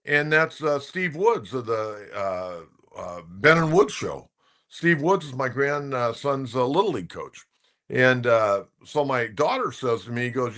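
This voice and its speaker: Older male sports-radio host, bright, chatty, opinionated storyteller. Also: mid-range voice, animated, normal speed. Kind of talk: casual sports talk commentary.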